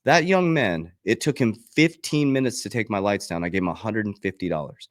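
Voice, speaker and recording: Preachy guy coaching hard into his webcam, swears a lot, lowish voice, no room echo. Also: lively intonation, brisk, clean studio sound. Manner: passionate, preachy, swears, acts out quotes. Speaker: crypto coach and channel host. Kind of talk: fired-up motivational talk to camera.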